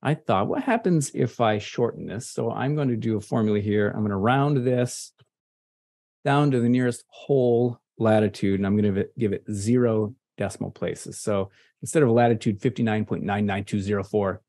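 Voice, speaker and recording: Playful Midwestern man, mellow voice. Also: on the low side, moderate pace. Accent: Midwestern American. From Michigan, US Midwest. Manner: playful, nerdy asides, chatty and relaxed. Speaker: presenter at an online meetup. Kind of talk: casual screen-share tutorial. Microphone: computer mic on a video call.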